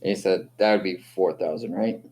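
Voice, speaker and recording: A man's voice: low-pitched, brisk, a little mellow. A man playing a tabletop game, speaking in a plain, matter-of-fact way. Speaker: player.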